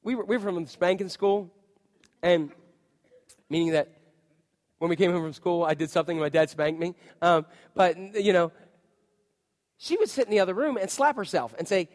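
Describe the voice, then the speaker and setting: A high-voiced pastor delivers a lively, joking sermon and draws his listeners into the story. His voice rings through a large church sanctuary with a long reverb tail. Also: moderate pace, long pauses. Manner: humorous, animated storytelling.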